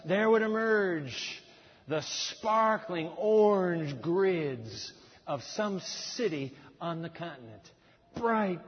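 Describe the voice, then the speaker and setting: Preacher, male, a touch high-voiced, dramatic swings from loud to hushed, dull echoey hall sound. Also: husky. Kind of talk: sermon. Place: large church auditorium with a screen.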